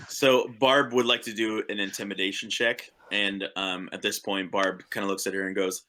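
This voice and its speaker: Excitable man with a bright voice. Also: fairly low pitch, moderate pace. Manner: excitable, repeats himself. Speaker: player. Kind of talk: tabletop role-play chat.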